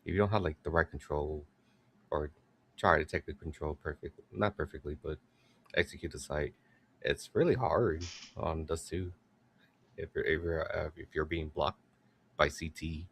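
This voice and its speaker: A man analysing an esports match in casual chat, speaking haltingly with many fillers. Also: very deep voice, creaky, a bit bright, slight background noise.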